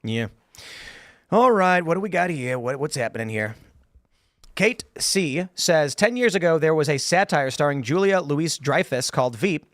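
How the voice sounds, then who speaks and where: A man hosting a casual panel chat in a studio, telling animated, jokey stories. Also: on the high side, no echo. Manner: animated storyteller, quick and jokey. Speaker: show host. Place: podcast studio.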